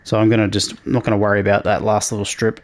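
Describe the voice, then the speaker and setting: Low-voiced man narrating gameplay. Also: very fast. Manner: relaxed, talks through each task as he plays. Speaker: gaming channel host. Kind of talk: casual let's play commentary.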